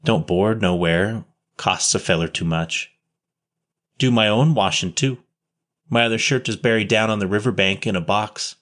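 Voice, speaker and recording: A man's voice: lowish voice, a bit bright. A man doing a slangy ragged street boy. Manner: rough slangy dialect, double negatives. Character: ragged, shy street boy, near twelve.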